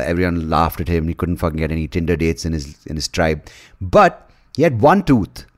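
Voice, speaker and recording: A man's voice: sits low, a little mellow. A man from India hosting a podcast, rambling through crude jokes with swearing and laughter. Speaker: podcast host. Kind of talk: casual podcast chat.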